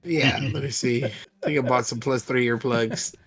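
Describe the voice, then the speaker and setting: A man playing in a tabletop game, asking questions in halting, casual speech. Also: medium pitch, fairly even intonation, vocal fry, fairly bright tone, soft background music. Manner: inquisitive, halting restarts. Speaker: player.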